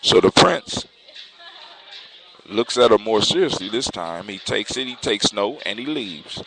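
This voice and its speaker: A man telling a fairy tale in a relaxed, conversational way, with loose restarts. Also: lowish voice, a little slow, creaky. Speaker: storyteller. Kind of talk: casual oral storytelling. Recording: noisy recording with clicks.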